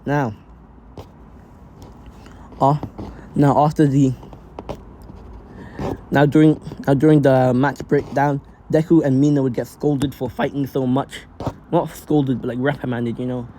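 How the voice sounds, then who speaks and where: A man casually improvising a fan-fiction story out loud, rambling with lots of fillers and restarts. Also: medium pitch, level tone, moderate pace, a little hiss or hum, rough recording.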